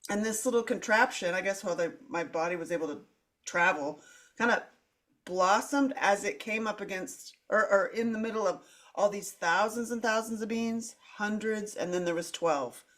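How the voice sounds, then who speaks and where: A middle-aged woman who hosts a podcast tells a personal story in a candid conversation, speaking at a moderate pace with a medium-pitched, slightly bright voice. She's animated, fills her speech with "like," restarts sentences, acts out her own quoted lines, and laughs between and through phrases.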